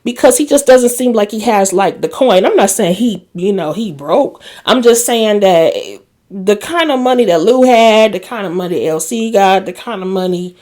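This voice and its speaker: A woman's voice: mid-range voice, animated, normal speed, dark tone. A woman hosting a casual recap of a TV drama episode, telling it like gossip with asides to viewers and quoted lines acted out. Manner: chatty storytelling with asides to viewers; laughs and acts out quoted lines. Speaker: TV recap host.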